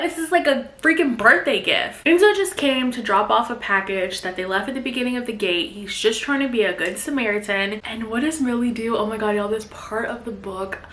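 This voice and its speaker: A woman recapping a thriller novel in a chatty, animated way, full of side comments. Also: fairly high pitch. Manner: animated storyteller, chatty asides. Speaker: book vlogger. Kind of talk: casual book recap. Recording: echoey room.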